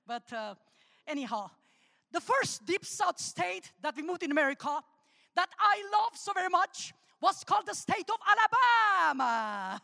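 A woman's voice: extremely high pitch, unhurried, vocal fry. A woman from Armenia, a guest speaker giving a humorous sermon and testimony, calling out to the congregation. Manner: humorous, animated, calls out to the congregation. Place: church. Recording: long church hall reverb.

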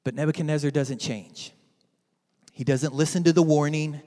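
A man preaching a sermon to his church, dramatic and swinging from loud to hushed. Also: on the high side, fairly even intonation, moderate pace, big-room sound. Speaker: pastor.

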